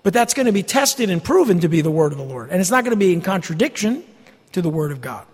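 A man's voice: high-pitched, very animated, quick pace, a little mellow, slightly rough. A man preaching as a pastor in a church, expository and emphatic, with folksy, mocking asides. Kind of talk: expository sermon. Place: church sanctuary. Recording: long hall reverb.

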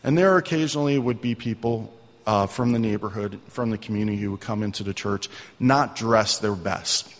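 A man's voice: on the low side, normal speed. A male pastor preaching a sermon in an earnest, conversational way, often asking his listeners questions. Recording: long reverb of a hall.

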